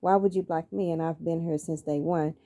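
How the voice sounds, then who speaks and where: Speaking a little fast in a low, steady, dark voice, a middle-aged woman delivers a personal motivational talk about her life, sounding preacherly and earnest and driving points home through repetition.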